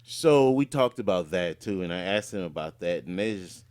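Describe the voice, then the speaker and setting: A man's voice: deep voice, animated, normal speed, a little mellow. A man, a voice actor and podcast co-host, chatting casually and telling a rambling story with lots of fillers and restarts. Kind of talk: casual chat.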